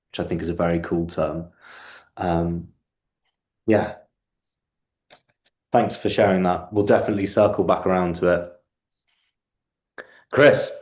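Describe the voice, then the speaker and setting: A man's voice: sits low, a little mellow. Reflective man with roomy echo. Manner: reflective, repeats words when starting sentences. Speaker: book club host. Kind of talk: casual group video call discussion.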